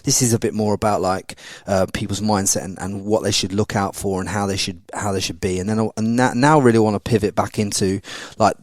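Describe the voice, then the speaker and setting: Man, podcast host, blunt and excitable, low-pitched, dry sound. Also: fairly quick, few pauses, no echo. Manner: blunt, swears freely, hyped and animated. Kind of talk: casual podcast interview.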